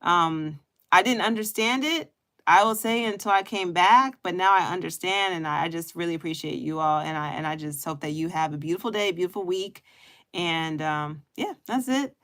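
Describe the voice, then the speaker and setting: A woman's voice: lowish voice, normal speed, a bit bright. A woman vlogger talking casually to her viewers, heartfelt and chatty, with many fillers and restarts. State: getting emotional. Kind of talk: casual talk to camera.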